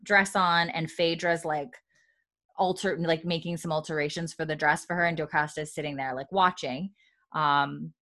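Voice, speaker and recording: A woman's voice: sits low, fairly even intonation, moderate pace, bright, forceful tone. A woman hosting a casual chat, recapping a TV episode in a rambling way with many fillers.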